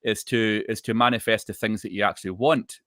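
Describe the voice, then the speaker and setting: A man co-hosting a chat show, calmly explaining advice and repeating his points. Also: lowish voice, brisk, no echo, studio quality. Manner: calm, explanatory, repeats phrases. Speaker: co-host.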